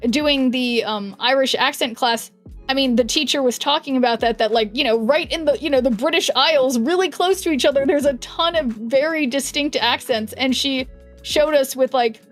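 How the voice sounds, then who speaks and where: A young woman with a higher voice chats casually on a live stream, rambling between fillers and restarts. Faint music plays underneath her talk. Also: normal speed. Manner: chatty and rambling, many fillers and self-corrections. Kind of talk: casual chat while gaming, reading chat aloud.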